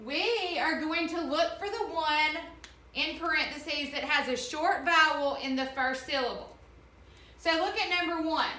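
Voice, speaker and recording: A woman teacher giving an online reading lesson to children, slowly and clearly sounding out the vowels in each word. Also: high voice, pushed and bright, roomy sound.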